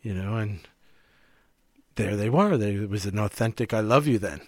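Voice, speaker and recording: A middle-aged man co-hosting a relaxed talk, a therapist speaking reflectively and acting out the lines he quotes. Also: on the low side, normal speed, no echo, clean studio sound. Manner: reflective, animated, acts out quoted speech. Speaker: podcast co-host, therapist. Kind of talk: casual conversation.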